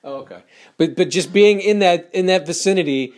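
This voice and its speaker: Man asking halting interview questions. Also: high voice, a little mellow. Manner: halting questions with many restarts. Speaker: interview host. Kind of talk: casual interview chat.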